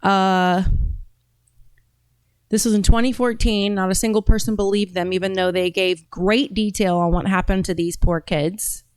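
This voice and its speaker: Smooth-voiced woman host thinking aloud. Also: medium pitch, steady tone, moderate pace, a little mellow, no room sound. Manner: accent drifts, sometimes British-tinged, sometimes Southern; rambling, thinks aloud with fillers. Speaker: podcast host. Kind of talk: casual commentary while browsing and reading aloud.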